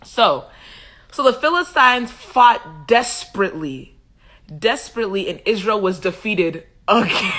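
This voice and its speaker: Young woman on a phone live, bright voice, slangy and funny retelling scripture. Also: medium pitch, unhurried. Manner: humorous, slangy, animated storytelling. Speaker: host. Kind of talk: casual Bible study retelling. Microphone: phone on a livestream.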